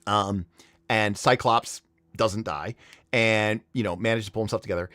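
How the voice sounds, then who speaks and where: A man's voice: lowish voice, steady tone, normal speed, a bit bright, dry recording. A man hosting a livestream, chatting casually and telling a story with lots of fillers and restarts. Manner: rambling, enthusiastic storytelling with many fillers. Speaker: livestream host.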